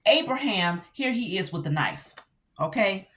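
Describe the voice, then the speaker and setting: A woman teaching scripture casually, animated and full of rhetorical questions. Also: medium pitch, a little slow. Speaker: Bible teacher.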